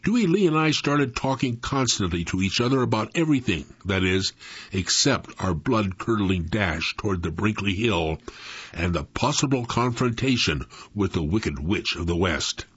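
A man tells a first-person story with lively, dramatic expression and a rising and falling pitch. His voice is husky and the recording is dry and dull, with a lo-fi sound. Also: normal speed.

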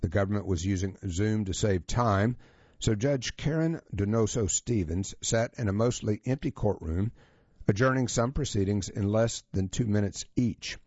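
A man presenting a magazine feature as scripted narration, reading in a measured, even manner. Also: fairly low pitch, breathy edge, no echo. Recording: dull, lo-fi, dry sound.

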